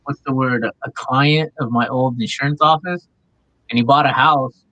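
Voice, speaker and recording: A man's voice: medium pitch, steady tone, moderate pace, sharp tone, no room sound, muffled recording. A man in casual chat, telling a story plainly with a few fillers.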